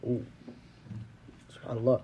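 A man giving a casual, slangy religious talk, animated and quick to quote Arabic scripture.

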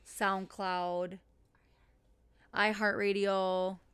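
A woman's voice: mid-range voice, little pitch movement, very slow, fairly bright tone, clean tone, dry recording. A woman in her thirties co-hosting a casual podcast, chatting and telling stories about her kids. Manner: chatty, storytelling, laughs readily. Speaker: podcast co-host. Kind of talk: casual chat.

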